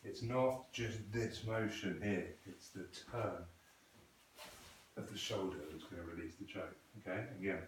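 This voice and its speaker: In a training hall, a man with a deep, unhurried voice coaches a krav maga student, patiently correcting technique and asking questions. The room is echoey, his voice comes from a distance, and there's slight background noise.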